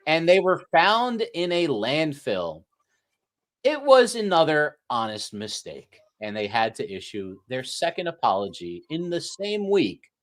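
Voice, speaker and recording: A man hosting a casual sports talk show, playful and hyped, with mock-grand praise. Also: a little high. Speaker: host.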